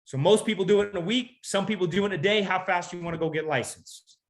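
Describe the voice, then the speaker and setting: A man with a notably high voice delivers a motivational sales talk to a crowd. He fires off rhetorical questions, repeats his key lines for emphasis and pulls the audience into call-and-response. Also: quick pace. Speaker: sales trainer.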